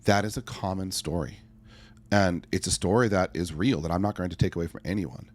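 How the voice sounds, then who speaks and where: A middle-aged life coach, appearing as a podcast guest, answers conversationally in a low-pitched, fairly quick voice. He speaks earnestly and tells stories, acting out asides along the way.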